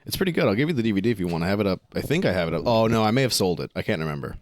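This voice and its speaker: Male podcast co-host, lowish voice, halting and profane, dry close sound. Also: very animated, no room sound. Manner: halting, profane, trails off mid-thought. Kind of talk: casual chat.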